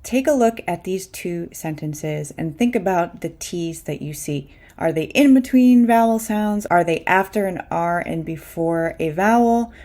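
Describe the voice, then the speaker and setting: A woman teaching English pronunciation, repeating example words clearly and deliberately. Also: on the low side, expressive, mellow. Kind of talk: scripted pronunciation lesson.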